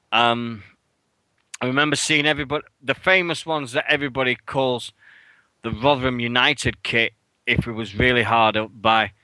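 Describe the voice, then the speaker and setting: In a radio studio, a male co-host with a bright, forceful, clear and resonant voice spins a story in casual banter, cursing freely. His pitch jumps sharply when he plays up his outrage, and the low-quality recording is close and dry with no room sound.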